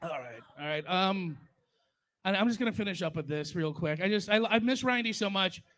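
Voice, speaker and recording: High-voiced comedian in his forties. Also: lively intonation, brisk, fairly bright tone. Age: 40s. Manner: crude, profane, conversational. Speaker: stand-up comedian. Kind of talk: stand-up storytelling at a memorial.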